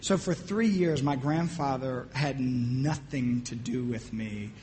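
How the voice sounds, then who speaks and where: A middle-aged man from New Jersey preaching a sermon, telling his own testimony in an animated, humorous storytelling way. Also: medium pitch, takes it slowly, slight background noise.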